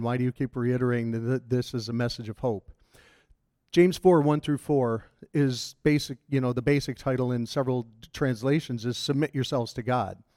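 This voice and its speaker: A man preaching a sermon as pastor, talking in a conversational, halting way with frequent restarts. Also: medium pitch, a little mellow, dry recording, studio quality.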